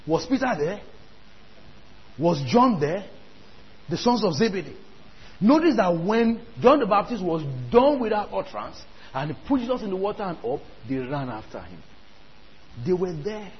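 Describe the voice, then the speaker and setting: Male preacher, high and animated, emphatic, asks the room questions; dull lo-fi recording. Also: moderate pace, pauses often, slightly rough. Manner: emphatic, repeats lines and asks the crowd questions. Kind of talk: sermon. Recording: dull lo-fi sound with faint ambience.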